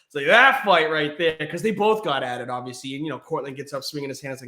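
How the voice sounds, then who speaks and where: This is a man co-hosting a casual sports podcast. His voice sits a little high, and he tells stories with plenty of energy, acting out the people he quotes and laughing along the way. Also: fast, hardly any pauses. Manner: animated storytelling, acts out quotes in a high voice, laughs often. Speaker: podcast co-host.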